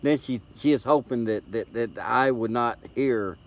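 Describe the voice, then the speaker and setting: An unhurried, mid-range male voice belongs to a middle-aged livestream host from Tennessee with a Southern accent. He rambles casually and folksily, often repeating words. Sound comes from a tablet's built-in mic.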